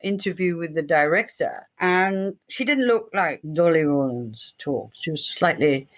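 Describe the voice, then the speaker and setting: An older woman tells her stories as a guest in an interview. Her voice sits on the lower side, and she acts out the people in her anecdotes with real animation. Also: lively intonation, measured pace. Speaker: guest, TV crime writer. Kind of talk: storytelling in an interview.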